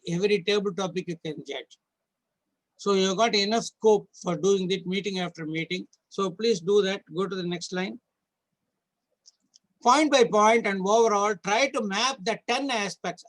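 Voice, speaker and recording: High-pitched man teaching from slides. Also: fairly bright tone, low-quality recording. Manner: instructive, walks through slides point by point. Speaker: judges trainer. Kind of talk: online training lecture.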